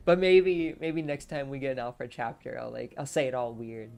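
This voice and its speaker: A woman's voice: rumbling low, moderate pace, vocal fry, warm tone. A woman streamer reading a novel aloud on a live stream and chatting between passages, giggly and self-deprecating.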